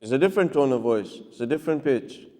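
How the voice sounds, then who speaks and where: A man's voice: medium pitch, animated, quick pace, warm tone. A man, a cleric, teaching in a lecture style, often checking with his listeners and acting out short dialogues. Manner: keeps checking with listeners, acts out little dialogues. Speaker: cleric giving a talk. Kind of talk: lecture with audience questions. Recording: long reverb of a hall.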